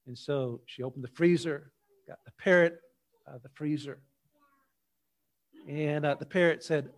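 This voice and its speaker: Speaking on the high side, a male preacher begins his church sermon with a relaxed, folksy funny story before getting into the lesson itself.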